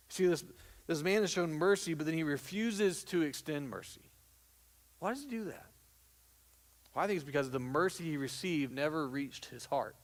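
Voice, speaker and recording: A man's voice: fairly high pitch, moderate pace. A pastor giving a conversational sermon, acting out little quotes as he goes. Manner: conversational preaching with acted-out quotes. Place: church sanctuary.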